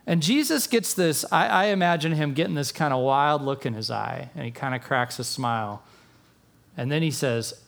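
A man delivering a sermon with a slightly raised pitch. He tells the story in a lively, conversational way and slips into the voices of the people in it. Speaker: pastor.

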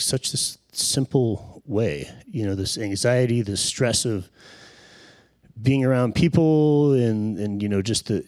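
A man's voice: medium pitch, mellow, no echo. A man in his forties telling a personal faith story into a handheld microphone in an earnest, reflective way, often searching for words. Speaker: speaker sharing a personal testimony.

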